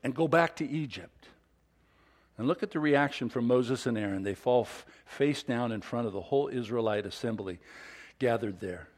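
A man's voice: medium pitch, normal speed, darkish tone. A male pastor delivering a sermon, reading scripture aloud with dramatic emphasis and adding conversational asides.

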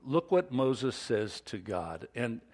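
A man's voice: medium pitch, big pitch swings, slow pace, a little mellow. A male pastor delivering a sermon, reading scripture aloud with dramatic emphasis and adding conversational asides.

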